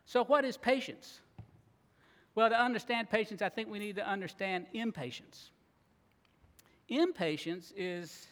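Man, preacher, sermon, earnest and expressive, high voice, echoing hall. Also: measured pace, long pauses. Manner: earnest, acts out grumbling voices, laughs at times. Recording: long reverb of a large hall.

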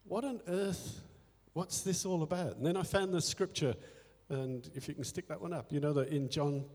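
A man's voice: on the high side, fairly quick, a little mellow. A man speaking in a church service, candidly telling a personal story of faith with quoted inner dialogue and self-deprecating humor. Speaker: church elder. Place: church hall. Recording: echoey hall with faint music.

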